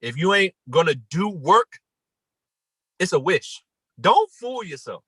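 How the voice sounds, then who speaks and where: A man giving an emphatic motivational talk on a morning call, repeating his points and rising to near-shouts. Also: high-pitched, big pitch swings, slow, slightly rough, dry recording, low-quality recording.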